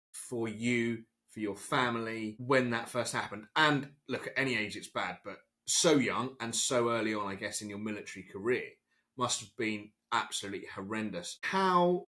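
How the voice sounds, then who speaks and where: A male podcast host with a lowish but bright, forward voice. He asks long, winding questions in a sympathetic tone. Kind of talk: interview questions.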